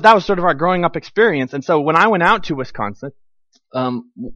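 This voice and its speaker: Animated high-voiced man preaching a sermon. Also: dry recording. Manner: animated storytelling, acts out family quotes. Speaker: pastor. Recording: dull, dry sound.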